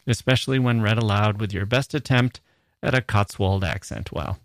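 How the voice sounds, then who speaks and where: A man's voice: on the low side, normal speed, a bit bright, dry recording, clean studio sound. A male American podcast host reading listener mail aloud, breaking off for playful, joking asides. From United States.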